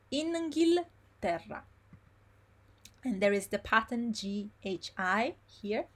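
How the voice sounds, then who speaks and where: Slow-speaking woman teacher. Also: mid-range voice. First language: Italian. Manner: explains slowly, repeats words syllable by syllable. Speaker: Italian teacher. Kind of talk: live online pronunciation lesson.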